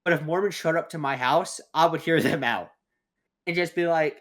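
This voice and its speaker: A young man chats on a casual podcast, spinning a long anecdote and cursing as he goes. His voice sits a little higher than most men's. He laughs at his own stories. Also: moderate pace, fairly bright tone. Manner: rambling storyteller, swears freely, laughs at own stories. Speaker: podcast co-host. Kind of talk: casual chat.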